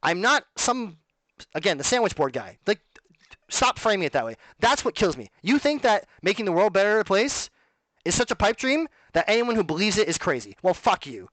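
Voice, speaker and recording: A man rambles to his audience in a casual monologue, full of asides and restarts. His voice sits a little high. The recording is dry and close, with no room sound. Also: very animated, brisk, fairly bright tone, no room sound. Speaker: vlogger.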